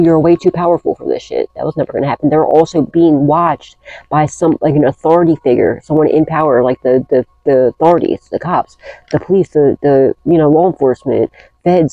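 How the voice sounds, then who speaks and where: A woman's voice: low voice, mellow, no room sound, lo-fi sound. A woman giving a casual tarot reading, blunt and profane, rambling through restarts as she talks to her viewers. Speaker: tarot reader.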